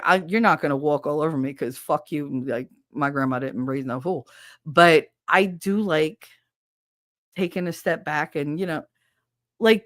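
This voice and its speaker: A woman's voice: low-pitched, no room sound, clean studio sound. A woman with a Southern accent hosting a casual podcast chat, talking frankly and profanely and laughing often. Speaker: podcast host.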